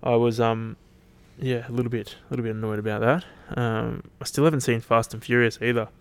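A man's voice: medium pitch, steady tone, fairly quick, clean tone. Laid-back Australian man, rambling podcast chat. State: tired, yawning. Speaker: podcast host. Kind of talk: casual solo podcast chat.

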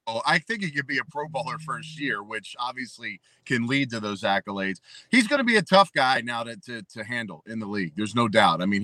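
A man, a former pro football player, telling a lively anecdote as a radio guest. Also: mid-range voice, no room sound, rough recording. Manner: laughing, animated anecdote-teller. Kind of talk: casual storytelling.

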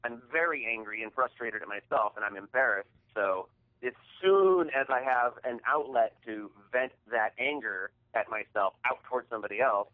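A man tells a story in a loose, heated way, swearing freely as he goes. His voice sits at an ordinary pitch. It comes through thin and tinny, as if over a phone line. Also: moderate pace. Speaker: podcast co-host. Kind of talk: casual storytelling chat.

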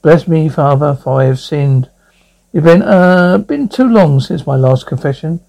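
Man reading as young blind lawyer, gravelly, stammering, dark tone. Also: on the high side, animated, poor audio. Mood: somber. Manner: halting, stammering confession. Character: troubled young blind male lawyer confessing.

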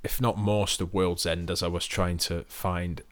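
Low-voiced man chatting dryly. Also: flat delivery, unhurried, dry recording. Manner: dry, matter-of-fact, swears casually. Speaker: podcast co-host. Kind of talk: casual chat.

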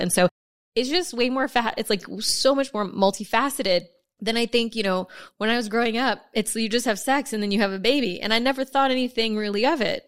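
A woman's voice: fairly high pitch, quick pace. Frank woman in her thirties hosting a chat. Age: 30s. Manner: frank and emphatic, swears freely. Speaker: podcast host. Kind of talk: candid conversational chat.

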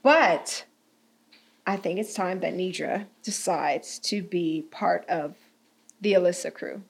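A young woman in casual chat, animated and slangy, laughing often. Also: lowish voice, slow, vocal fry, slightly rough.

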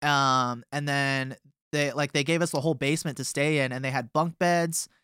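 A man's voice: medium pitch, steady tone, moderate pace, sharp tone, smooth, dry recording, clean studio sound. A young man from a touring band telling a long tour story in a casual, rambling way with many fillers.

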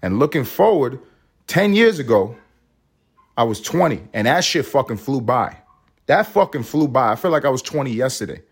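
A man's voice: mid-range voice, very animated, moderate pace, breathy edge. A man in his thirties hosting a solo podcast, rambling casually and swearing constantly between jokes. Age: 30s. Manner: rambling, profane, joking. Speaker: podcast host.

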